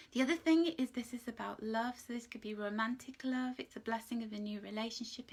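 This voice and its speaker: A woman giving a live angel card reading in a gentle, reassuring way. She is emotional, laughs often, and at times drops to a soft whisper. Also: medium pitch.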